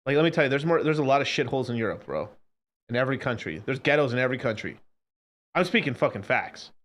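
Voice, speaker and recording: A man's voice: medium pitch, expressive, quick pace, a bit bright. A man hosting a crypto livestream, ranting in an unfiltered casual way, profane and emphatic, repeating phrases and mocking others. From Mexican.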